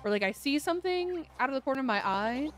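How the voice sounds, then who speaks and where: A woman's voice: high voice, animated, quick pace, faint music behind. A young woman streaming a video game, chatting in a bubbly, chaotic way that is full of fillers. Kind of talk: casual let's-play chat.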